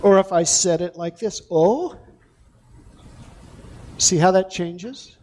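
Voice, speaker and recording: A male pastor preaching a sermon, deliberate and emphatic, drawing out key words. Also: high-pitched, steady tone, darkish tone.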